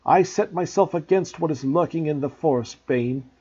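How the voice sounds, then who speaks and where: Brief: a man doing a solemn young centaur, husky and mellow, dull recording. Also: on the high side, moderate pace. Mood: indignant. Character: young male centaur, calm and grave.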